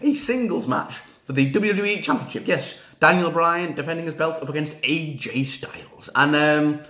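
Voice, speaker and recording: A man chatting casually in a fan reaction video, rambling with fillers and repeated words and breaking into excited cheers. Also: a little high, moderate pace, reverberant. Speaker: wrestling reaction vlogger.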